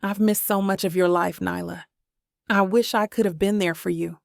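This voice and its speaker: Woman reading as a soft, firm mother. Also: mid-range voice, steady tone, gravelly, dry recording, studio quality, close to an everyday voice. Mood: earnest. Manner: soft, earnest, measured. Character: gentle but firm middle-aged mother.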